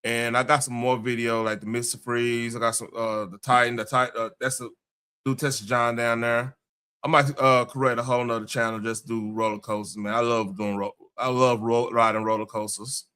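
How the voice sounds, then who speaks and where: A man's voice: medium pitch, little pitch movement, moderate pace, pushed and bright, clean tone. A man hosting a casual podcast, chatting loosely with slangy phrasing and frequent restarts. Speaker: podcast host. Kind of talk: casual chat.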